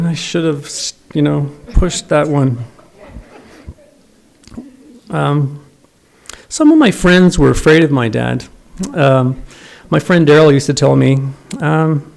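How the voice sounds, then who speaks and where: Gravelly man telling wry stories. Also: on the high side, fairly even intonation, normal speed, a little mellow. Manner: wry, self-deprecating storytelling. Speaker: son giving a eulogy. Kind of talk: memorial eulogy with humorous anecdotes. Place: memorial service.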